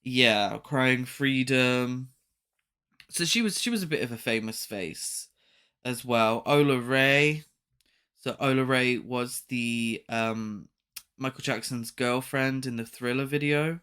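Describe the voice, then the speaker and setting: A male podcast host discusses a film's cast in a relaxed, unhurried way, often laughing. His voice is bright and middling in pitch. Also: clean tone. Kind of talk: casual film review chat.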